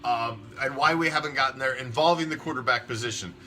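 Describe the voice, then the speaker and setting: A man's voice: mid-range voice, fast, pushed and bright. A man hosting a fan sports show, ranting emphatically and swearing a lot. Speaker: fan podcast host. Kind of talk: opinionated sports talk rant.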